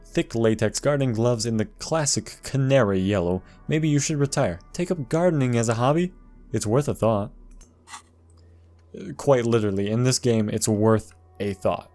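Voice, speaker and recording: A man's voice: medium pitch, moderate pace, a little mellow, soft background music. A man casually commenting on a video game walkthrough, reading the game's text aloud and adding dry jokes.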